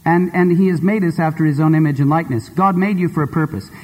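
A male preacher delivers a sermon in an expressive, conversational way. His voice sits fairly high and sounds husky, with a long reverb from a large church hall. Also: fast. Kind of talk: sermon with storytelling.

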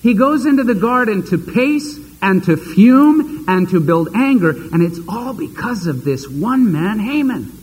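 A man's voice: high voice, big pitch swings, unhurried, few pauses, darkish tone, breathy edge, long reverb tail, poor audio. A man preaching a sermon, retelling a scripture story dramatically and acting out the characters' voices.

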